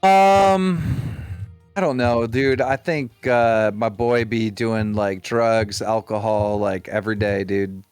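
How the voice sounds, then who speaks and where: A man's voice: lowish voice, steady tone, slow pace, darkish tone, clean tone, no echo, faint music behind. A man on a casual livestream chat, telling rambling stories with lots of swearing. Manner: crude, rambling storyteller. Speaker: guest streamer.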